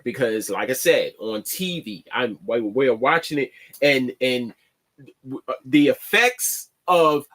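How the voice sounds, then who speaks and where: A man hosting an online show, talking in a casual, halting monologue and restarting his words often. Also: mid-range voice, a bit bright. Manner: plainspoken, slangy.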